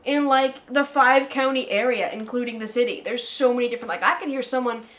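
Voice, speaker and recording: Chatty American woman, high voice. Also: fast talker, a bit bright. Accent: Philadelphia American. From southeastern Pennsylvania, USA. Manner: rambling, heavy on fillers like "like" and "you know". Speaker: co-host. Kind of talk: casual chat.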